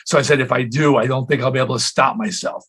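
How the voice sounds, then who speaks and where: A man's voice: mid-range voice, fast, breathy edge. A man in his sixties, a rock singer telling stories in a casual interview, slipping into quoted voices as he goes. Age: 60s. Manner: animated storyteller, jumps into quoted voices.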